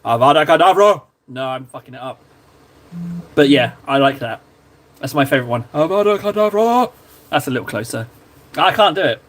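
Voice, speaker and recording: A man's voice: medium pitch, fairly quick, pauses often. A man hosting a live stream, chatting casually and self-deprecatingly while he paints miniatures, often drifting off topic. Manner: rambling, self-deprecating, easily sidetracked. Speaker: livestream host painting miniatures.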